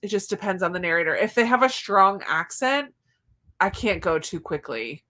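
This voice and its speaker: A woman's voice: medium pitch, big pitch swings, moderate pace, sharp tone. A woman with a Southern US accent hosting a casual livestream, chatty and giggly, with frequent exclamations as she reads out viewer comments. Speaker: livestream host.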